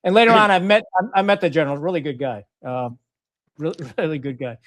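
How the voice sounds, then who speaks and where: A man's voice: a little high, fast. A middle-aged man from Pakistan, a retired Marine officer, telling war stories casually and bluntly, acting out the dialogue. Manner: lively storyteller, acts out quoted dialogue, blunt and profane.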